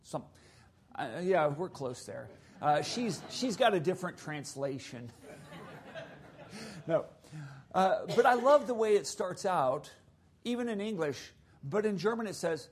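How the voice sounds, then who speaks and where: A man's voice: sits high, measured pace, slightly rough. Man preaching a conversational sermon. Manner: conversational preaching, animated and joking. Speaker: guest preacher, missionary.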